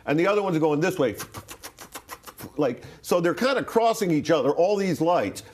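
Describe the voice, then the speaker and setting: Older man in his sixties, from Rhode Island, slightly high voice, rambling interview anecdote, fillers and swearing. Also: animated, normal speed, slight background noise. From Rhode Island, USA. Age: 60s. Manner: rambling, full of "like" and restarts, swears for emphasis. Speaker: guest telling a personal story. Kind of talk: casual storytelling in an interview.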